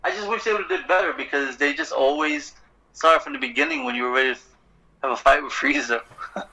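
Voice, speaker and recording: A middle-aged man in casual podcast talk, an animated, profane storyteller who acts out exchanges. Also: a little high, a little fast, rough recording. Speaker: poet and guest.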